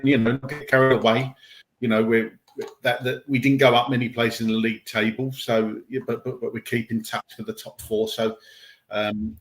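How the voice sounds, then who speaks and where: Measured man talking football. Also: on the low side, fairly bright tone. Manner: measured, hesitant, with many ums. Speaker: podcast guest. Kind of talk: casual football analysis.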